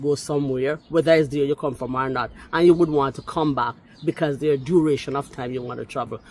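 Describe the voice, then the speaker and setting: A middle-aged Jamaican vlogger delivers a heated rant responding to another video, emphatic and indignant. Speaking with a Jamaican accent and a slightly mellow voice, the speaker slips into patois and jumps up in pitch on every rebuttal.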